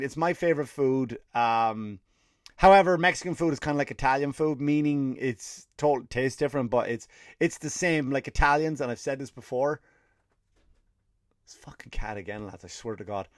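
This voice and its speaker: A man's voice: on the high side, no echo. An Irish man hosting a comedy podcast, delivering a rambling, sardonic, profane monologue into a close mic.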